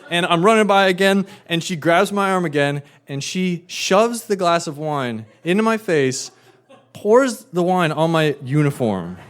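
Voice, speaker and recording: Animated male storyteller, wry comic build. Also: high-pitched, clean tone.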